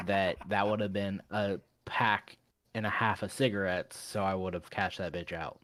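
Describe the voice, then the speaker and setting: A man's voice: sits low, flat delivery, normal speed, fairly bright tone, dry recording, studio quality. A man co-hosting a casual podcast chat, talking bluntly and swearing freely. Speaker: podcast co-host.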